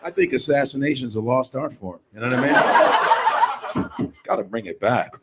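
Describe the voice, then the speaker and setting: A man doing a stand-up comedy routine, brash, profane and animated. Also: medium pitch, measured pace, loud music behind the voice.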